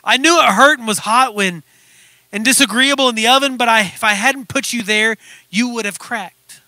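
A wise old potter, as a preacher voices him, explains himself calmly and tenderly. The voice is bright and sits fairly high, and it sounds dry and close to the mic. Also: male voice, moderate pace, no echo, full character voice. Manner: calm, gentle, reassuring.

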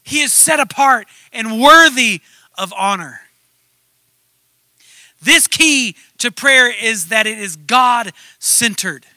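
A man's voice: very high voice, animated, slow pace, pushed and bright, dry recording. A male pastor preaching a sermon in a conversational way that builds to emphatic points.

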